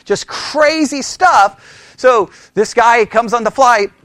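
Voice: mid-range voice, slow pace, no echo. A pastor preaching a conversational sermon, telling stories full of rhetorical questions and mocking imitations of people. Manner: animated storytelling with rhetorical questions; mimics other people mockingly.

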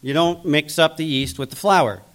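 A man's voice: on the high side, normal speed, fairly bright tone. A man preaching a sermon, acting out biblical figures' voices as he goes. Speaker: pastor.

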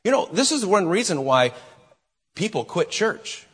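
A man preaches a sermon in a long-echoing church hall, his husky voice rising and falling. He pauses dramatically and swings between loud and soft, with a fairly high, animated pitch. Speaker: pastor.

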